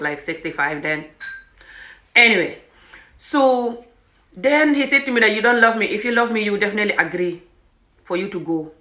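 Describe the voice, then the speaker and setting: A young Gambian woman tells her story with a lot of animation and often slips into the voices of the people she quotes. Her voice is bright and forward, and the room around her has a clear echo. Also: lowish voice. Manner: animated, acts out quoted speech, frequent "what the hell". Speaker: vlogger telling her story. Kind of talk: casual personal storytelling.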